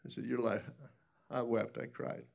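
A man's voice: medium pitch, sing-song, normal speed, vocal fry. A man preaching a sermon, telling stories in an earnest, rambling way with many restarts.

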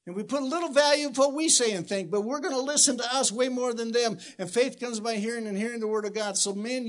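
A middle-aged man preaching a sermon, earnest and emotional, restarting sentences and quoting Scripture, shifting from quiet reflection to loud exhortation. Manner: swings between soft reflective lows and loud exhortation.

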